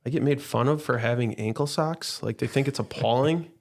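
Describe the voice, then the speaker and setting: A man police officer with a Wisconsin accent, chatting in an easygoing, halting way on a podcast. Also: medium pitch. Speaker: school resource officer. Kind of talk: casual podcast chat.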